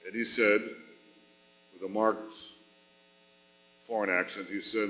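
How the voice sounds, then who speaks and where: Slow, emphatic man speaking in an arena. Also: lowish voice, fairly even intonation, bright, forceful tone. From Israel. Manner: slow, deliberate, emphatic with rhetorical repetition. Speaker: national leader addressing a rally. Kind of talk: formal public speech. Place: large arena. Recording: long arena reverb.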